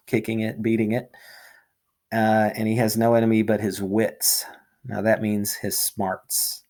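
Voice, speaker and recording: A man's voice: lowish voice, a little mellow. A male teacher reading a novel aloud to his students and casually explaining words and assignments.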